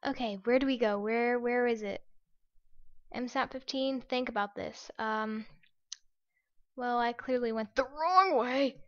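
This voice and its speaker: A woman with a high voice talks through a video game at an unhurried pace, excitable and prone to sudden gasps and shrieks. The recording is dry and close, with a slightly dull tone. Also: no echo. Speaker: gaming channel host. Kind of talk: casual gameplay commentary.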